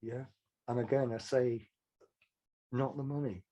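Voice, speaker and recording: A man's voice: medium pitch, fairly even intonation, measured pace, dark tone, lo-fi sound. An older man, a songwriter telling frank, rambling anecdotes in an interview. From Manchester, England. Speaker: songwriter guest. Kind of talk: casual interview storytelling.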